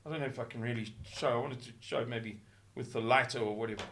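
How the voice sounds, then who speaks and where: A man from South Africa giving a monologue video commentary, impassioned and rhetorical, swinging from hushed tones to shouting and repeating words for emphasis. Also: medium pitch, fairly even intonation, quick pace, slight background noise.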